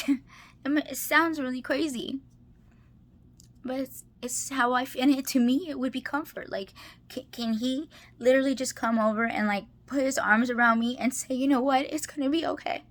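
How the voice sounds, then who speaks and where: Speaking at a moderate pace, this woman has a high voice with fairly even intonation. She's a married personal vlogger addressing the camera in an emotional, meandering confession, full of false starts, constant "like"s and filler, with tearful laughter and tears close at hand.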